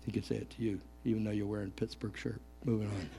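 Joking, lively male pastor preaching. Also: fairly low pitch, fast talker, gravelly, a little hiss or hum. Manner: lively, joking, calls out to the congregation. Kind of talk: sermon.

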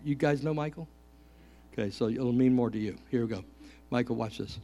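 Joking, lively male pastor preaching. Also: mid-range voice, brisk. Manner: lively, joking, calls out to the congregation. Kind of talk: sermon.

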